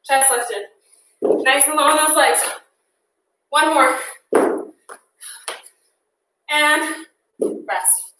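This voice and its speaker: A woman's voice: sits high, fairly even intonation, slow, background noise. A young woman leading an interval workout, counting down and cheering people on while out of breath. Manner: upbeat cueing, counting down and cheering on. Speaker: fitness instructor. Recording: echoey room, mic far off.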